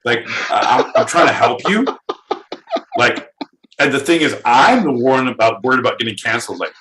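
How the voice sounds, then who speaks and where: A man's voice: medium pitch, lively intonation, moderate pace. A man co-hosting a podcast, teasing and scolding his partner in casual comedic banter, swearing and trying silly accents. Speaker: podcast co-host. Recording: echoey room with faint noise.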